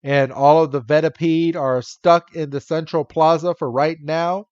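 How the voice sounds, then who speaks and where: A man co-hosting a podcast, recapping a cartoon episode in a wry, animated way with small self-interruptions. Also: on the high side, a little slow, smooth, dry recording. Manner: animated and wry, laughing at his own rants. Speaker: podcast co-host. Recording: dull dry podcast mic.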